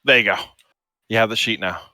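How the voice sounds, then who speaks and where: A man's voice: on the low side, a little fast, sharp tone, no echo. A young man playing a tabletop game, casual and helpful, with frequent swearing. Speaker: player.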